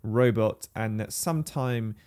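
A man co-hosting a casual tech podcast from his spare bedroom, joking and rambling in quick bursts. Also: on the low side, darkish tone. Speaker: podcast co-host.

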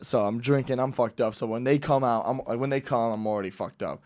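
A man telling a rambling party story in casual chat with friends, restarting his sentences and bursting into shouted quotes. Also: mid-range voice, fast talker.

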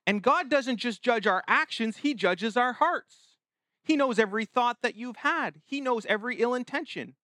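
A man gives a sermon in a relaxed, talky way, often starting phrases over and slipping into quoted voices. His voice sits high and bright. The sound is dry and close. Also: moderate pace, no room sound. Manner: conversational, with many restarts and acted-out quotes. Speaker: pastor.

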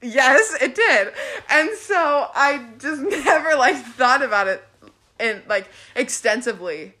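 A woman's voice: sits high, lively intonation, slow pace, bright, forceful tone. A young woman guesting on a podcast, chatting casually, giggling and saying "like" a lot. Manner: giggly, lots of "like". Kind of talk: casual chat.

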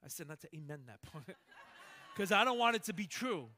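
High bright-voiced male preacher. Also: brisk. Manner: animated preaching, swings from shouting to hushed. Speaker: pastor. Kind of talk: sermon.

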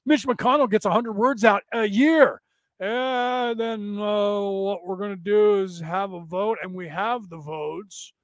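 High-voiced man ranting profanely. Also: dry recording. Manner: profane, rambling, laughing at his own jokes. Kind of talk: profane comedic rant. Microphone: desk setup.

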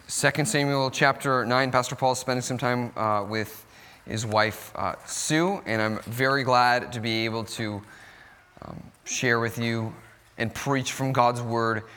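A man's voice: mid-range voice, sharp tone. Man, sermon, casual fillers, mid-range voice, long church reverb. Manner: conversational, with many fillers. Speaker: guest preacher. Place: church sanctuary.

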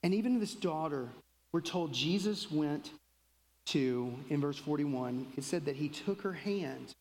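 A pastor preaching a sermon in a conversational way, acting out quotes in lively voices. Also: medium pitch, unhurried, big-room sound, rough recording.

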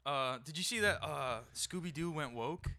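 A man's voice: on the high side, moderate pace, bright, forceful tone, no echo. A man from New York hosting a podcast, chatting casually, rambling, swearing and laughing between stories. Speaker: podcast host.

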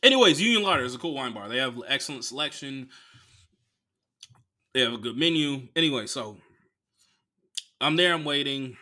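Male comic from Oakland, sharp bright voice, loose profane storyteller who acts out every character. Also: medium pitch, expressive, moderate pace, long pauses. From Oakland, California. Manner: rambling, swears a lot, acts out other people. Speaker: comedian podcast host.

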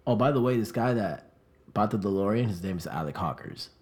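A young man from South Florida recounts a party story in a relaxed podcast chat. He swears freely and keeps slipping into the voices of the people he quotes, talking the way friends talk across a table. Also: fairly low pitch, fairly quick. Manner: animated, profane, acts out quoted voices.

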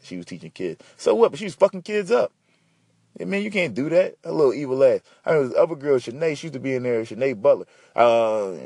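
Philly guy ranting on his podcast, kinda husky, swears a lot, real animated. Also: medium pitch, no room sound, clean studio sound. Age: adult. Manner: profane, animated, slangy storytelling. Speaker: podcast host. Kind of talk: casual solo podcast rant.

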